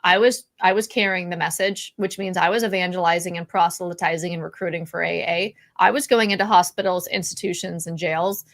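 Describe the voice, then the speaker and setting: A woman's voice: fairly low pitch, fairly even intonation, brisk, hardly any pauses. A woman co-hosting a casual live-stream chat, speaking candidly, laughing often and restarting her sentences. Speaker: podcast co-host.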